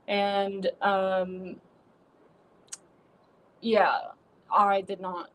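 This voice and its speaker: A woman's voice: mid-range voice, flat delivery, extremely slow, pauses often, poor audio. Rambling, casual woman livestreamer. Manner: rambling, filler-heavy, irreverent. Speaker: livestream host.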